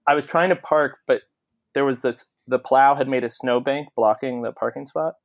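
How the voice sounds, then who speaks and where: A man's voice: medium pitch, normal speed. A man telling a long story in casual podcast chat, swearing freely and acting out the people he quotes. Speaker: podcast co-host.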